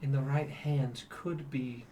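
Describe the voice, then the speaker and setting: A man voicing a solemn celestial guardian statue, speaking in a slow, grave, measured way. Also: medium pitch, fairly even intonation, warm tone, a little hiss or hum, natural voice.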